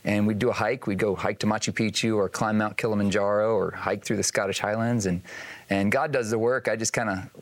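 Earnest storytelling man, low voice. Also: fairly even intonation. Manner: earnest storyteller, brisk anecdotes. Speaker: guest author. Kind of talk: casual studio interview. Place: TV studio set.

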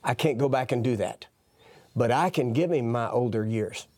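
A man's voice: mid-range voice, normal speed, darkish tone, no echo. An older man, a guest telling folksy stories and laughing as he goes. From East Texas. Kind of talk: storytelling testimony.

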